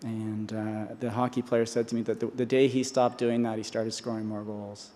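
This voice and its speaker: A man's voice: lowish voice, little pitch movement, moderate pace, warm tone. Earnest man speaking in a reverberant hall. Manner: earnest, with restarts and repetitions. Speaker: honorary doctorate speaker. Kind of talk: commencement speech. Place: large convocation hall.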